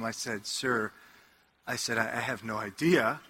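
A man preaching as a Catholic priest to a live audience, an animated, joking storyteller speaking into a headset mic. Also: mid-range voice, a little slow, noisy background. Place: hall before an audience.

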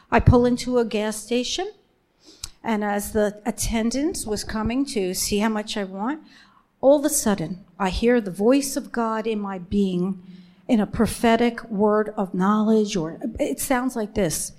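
A woman sharing her personal faith testimony with a women's gathering, earnest and emphatic, slowing down on the key phrases. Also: mid-range voice, a little mellow.

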